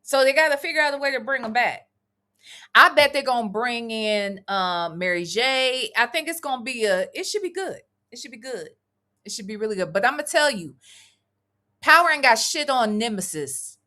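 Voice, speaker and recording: Woman, middle-aged, live reaction vlog chat, animated pitch, bright voice, casual, swearing. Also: moderate pace. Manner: chatty, wandering, swearing freely, laughing asides. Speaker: commentary vlogger reading live chat.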